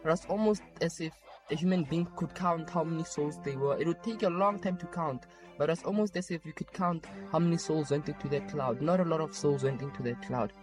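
A man's voice: on the high side, fairly quick. A man giving an emphatic personal testimony about a vision. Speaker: testimony giver. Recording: music bed behind the voice.

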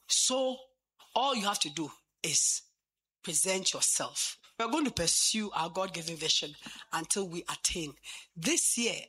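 A man's voice: high-pitched, lively intonation, unhurried. A man preaching fervently and leading a church in prayer, chanting and speaking in tongues. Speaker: pastor. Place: church service. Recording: loud music behind the voice.

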